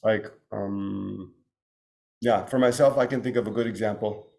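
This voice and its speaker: An American man from Virginia giving a Buddhist teaching talk, halting and thoughtful with frequent restarts. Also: fairly low pitch, steady tone, vocal fry, darkish tone. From Virginia, United States. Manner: halting, many restarts and pauses. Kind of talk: teaching talk with personal story.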